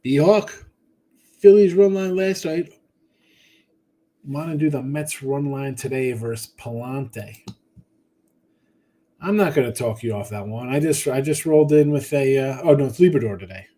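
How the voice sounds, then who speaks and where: Here the host of a sports betting podcast has a mellow mid-range voice at normal speed, broken by long pauses. He's tired and yawning after a short night, rambling offhandedly through viewer comments and naming people in chat.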